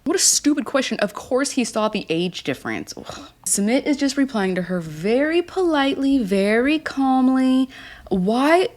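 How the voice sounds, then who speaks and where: A woman's voice: sits high, expressive, normal speed, a little mellow. A woman casually recapping a reality show, blunt, snarky and exasperated.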